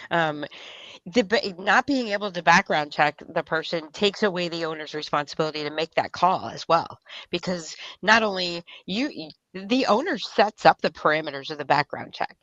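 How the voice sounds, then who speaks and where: A woman's voice: fairly low pitch, animated, a bit bright, no room sound, dull audio. A woman co-hosting a talk radio show, explaining her point with frequent restarts. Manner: halting, restarts while explaining. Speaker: radio co-host.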